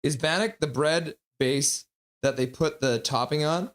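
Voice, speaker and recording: A male streamer does fan play-by-play of a hockey game live, getting excited fast and giving blunt opinions. His voice is pitched slightly above the typical male range, and he moves easily from calling the action to chatting casually with his viewers.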